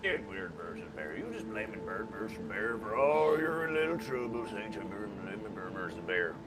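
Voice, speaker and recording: A man playing a taunting trickster villain who speaks of himself in the third person, with wild swings between loud and soft. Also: fairly low pitch, sing-song, moderate pace, a loud crowd. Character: menacing male trickster calling himself Bird versus Bear. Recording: noisy background.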